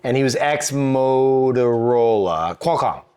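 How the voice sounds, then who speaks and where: A man co-hosting a podcast, talking in a relaxed, conversational way with lots of fillers. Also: mid-range voice, takes it slowly, clear, resonant tone. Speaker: podcast co-host. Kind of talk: casual chat.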